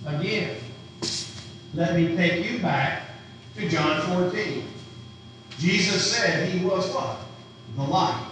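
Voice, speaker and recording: A man's voice: on the high side, a bit bright, a little hiss or hum. A man preaching a sermon who asks his congregation questions as he teaches. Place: church sanctuary. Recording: roomy, distant church recording.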